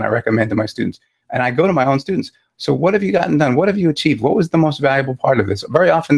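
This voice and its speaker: A male host who answers in fast bursts and rattles off his ideas as lists. His voice is gravelly with a husky edge, and he talks at a brisk pace. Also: mid-range voice. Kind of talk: conversational interview.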